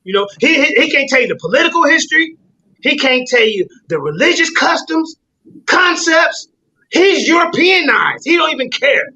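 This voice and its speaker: High, bright, combative man arguing. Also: lively intonation, normal speed, dull audio. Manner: combative, repeatedly insisting he not be interrupted. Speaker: debater on a call-in panel. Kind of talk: heated argument.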